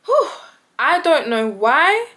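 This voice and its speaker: Young British woman vlogger, fairly high voice, lively storyteller who acts out every voice. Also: slow pace. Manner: animated, acts out quoted voices with big pitch jumps. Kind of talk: storytime vlog.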